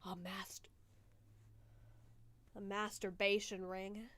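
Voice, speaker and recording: A woman's voice: mid-range voice, little pitch movement, slow pace, a bit bright. A sick, congested woman chatting casually on a livestream, giggly and joking crudely. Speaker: streamer hosting a movie watchalong.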